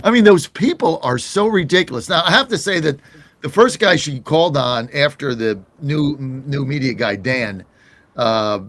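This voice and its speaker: A man's voice: on the high side, lively intonation, normal speed, a bit bright, no echo. An American man hosting a political talk show, chatting casually and indignantly, often laughing.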